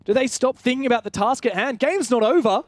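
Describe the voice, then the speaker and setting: Very high-voiced esports caster. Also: male voice, animated, no room sound. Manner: fast, rising to shouts at big plays. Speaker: play-by-play caster. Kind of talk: esports commentary.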